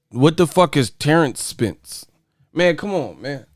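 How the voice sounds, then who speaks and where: A man's voice: on the high side, expressive, slow pace, pauses often, dry recording, studio quality. A man hosting a boxing channel, reacting to his chat in casual, profane, laughing riffs. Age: adult. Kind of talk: casual livestream commentary on chat.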